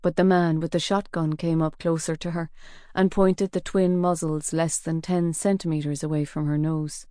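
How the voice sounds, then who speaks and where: A woman narrating a crime audiobook in a measured, even storytelling manner. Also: low-pitched, smooth, no room sound, studio quality. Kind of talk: scripted narration.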